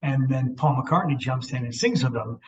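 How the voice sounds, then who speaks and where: A man's voice: mid-range voice, moderate pace, a little mellow. Middle-aged man reacting in easy chat. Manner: encouraging listener who reacts and chimes in. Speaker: podcast co-host. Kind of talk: casual chat. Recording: dull lo-fi podcast recording.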